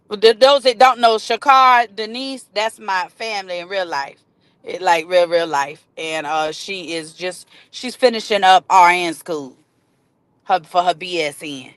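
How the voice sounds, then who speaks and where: Middle-aged woman hosting a livestream, chatty and warm with viewers, dry close sound. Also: medium pitch, slow, smooth, no echo. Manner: chatty, reads and greets viewer comments aloud. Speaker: livestream host. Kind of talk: casual livestream chat.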